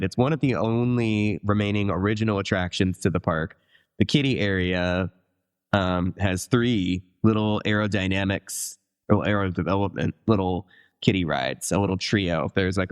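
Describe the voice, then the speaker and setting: A man with a very low voice chats casually as a podcast co-host. He rambles through long, enthusiastic explanations full of asides. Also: clear, resonant tone. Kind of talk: casual chat.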